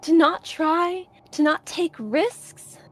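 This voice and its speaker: A woman's voice: extremely high pitch, slow. A woman giving an earnest, hesitant in-character speech in a tabletop game. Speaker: player.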